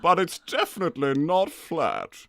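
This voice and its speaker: A man doing a gravelly pompous old squirrel king. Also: wildly swooping pitch, moderate pace, bright, forceful tone, no echo, exaggerated voice. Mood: rambling. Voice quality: gravelly, wildly swooping pitch. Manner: pompous, rambling, easily distracted. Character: pompous older male squirrel king, rambling. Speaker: livestream character performer. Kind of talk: live improvised character roleplay.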